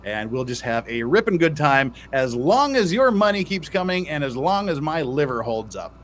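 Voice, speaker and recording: A man's voice: on the high side, sing-song, moderate pace, fairly bright tone. A man hosting a casual livestream, reading out super chats and joking with his co-host in playful banter.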